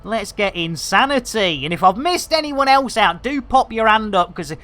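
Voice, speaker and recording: A woman live-streaming a space game, chatting to viewers in a jokey, excitable way with plenty of fillers and exclamations. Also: fairly high pitch, a little fast. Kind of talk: casual live-stream chat while playing.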